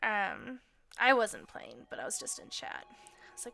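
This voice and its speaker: A woman's voice: mid-range voice, very animated, unhurried, creaky, pushed and bright. An American woman streaming while she colors, chatting in a rambling, casual way and swearing now and then. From United States.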